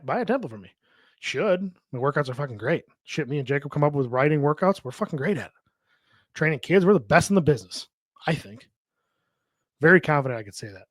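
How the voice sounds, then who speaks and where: A man with a fairly high voice hosts a fitness podcast, talking in a blunt, profane, tough-love way. He speaks straight into a podcast microphone, and the sound is close and completely dry. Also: dry recording. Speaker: podcast host and fitness coach. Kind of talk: podcast monologue.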